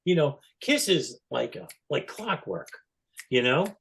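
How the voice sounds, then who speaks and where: A man's voice: on the high side, sing-song, unhurried, gravelly, a bit bright, breathy edge. A man in his sixties telling casual stories as a podcast guest, rambling with many "you know" fillers and laughing as he talks. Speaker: guest, longtime fan. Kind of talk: casual anecdotal storytelling.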